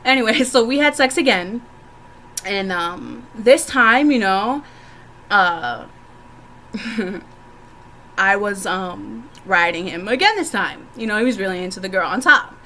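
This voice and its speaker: Young woman vlogging, spilling stories, swears a lot, laughs a bunch, bright punchy voice. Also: mid-range voice, lively intonation, unhurried, pauses often, a little hiss or hum. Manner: frank and profane, laughing often. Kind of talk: candid storytelling to camera.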